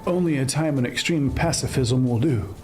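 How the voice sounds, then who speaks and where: A man's voice: medium pitch, moderate pace, darkish tone, a little hiss or hum. A man from Ohio streaming a game, giving casual, rambling commentary with wry asides. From Ohio, USA.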